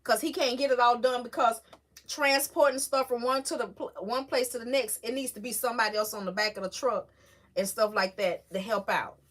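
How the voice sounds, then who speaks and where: Woman livestream host, high and bright, chatty and emotional with her chat. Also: fairly even intonation, a little fast. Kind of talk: casual live-stream chat with viewers.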